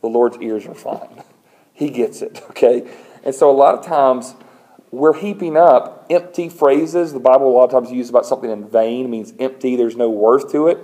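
The audio is poor, and the pastor speaks at normal speed in a mid-range voice. Conversational and lightly humorous, he tells animated stories while voicing the people in them, with plenty of fillers and restarts along the way.

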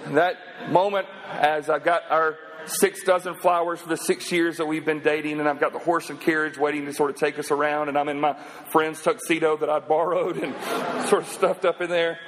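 A man in his thirties preaching a sermon, telling a story in an animated, conversational way and then praying. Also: a little high, normal speed, long reverb tail, low-quality recording. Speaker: pastor.

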